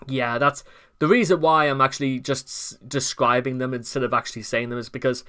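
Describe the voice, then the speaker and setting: A man's voice: mid-range voice, steady tone, brisk, pushed and bright, smooth. A man hosting a channel, reading a wiki article aloud in a casual, chatty way and often restarting his sentences. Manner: chatty and digressive, with frequent restarts. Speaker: commentary channel host.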